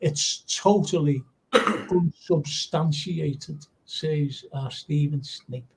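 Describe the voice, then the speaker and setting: A man's voice: fairly high pitch, extremely slow, gravelly, poor audio. A man hosting a casual live football chat, rambling and reading out viewer comments. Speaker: host.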